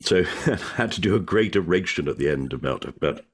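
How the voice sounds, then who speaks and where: Older english guy, deep raspy voice, bouncy delivery, loves doing voices. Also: animated, quick pace. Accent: southern English, educated. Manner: playful, slips into put-on voices and cockney impressions. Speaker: comedian and podcast host, guest. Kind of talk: casual chat.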